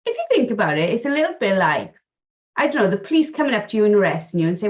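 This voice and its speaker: A woman's voice: medium pitch, big pitch swings, racing, dull audio. A woman hosting a casual podcast chat about dog training, talking things through and acting out little quoted scenes. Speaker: podcast host.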